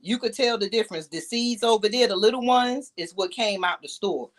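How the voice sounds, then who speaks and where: A woman's voice: mid-range voice, fairly quick. A middle-aged woman with a New York accent, chatting casually to viewers while cooking and laughing often. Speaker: podcast host. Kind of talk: casual cooking vlog chat.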